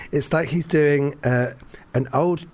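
A man's voice: a little high, darkish tone. A man telling a story in casual chat, rambling, restarting his sentences often and laughing between them.

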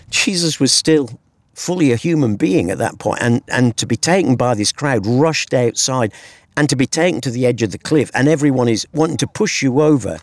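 A man's voice: mid-range voice, no echo. A British man explaining a Bible story in an earnest, conversational way on a hilltop, with rhetorical asides. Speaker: Bible teacher guest. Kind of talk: outdoor conversational Bible teaching. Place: hilltop cliff edge outdoors.

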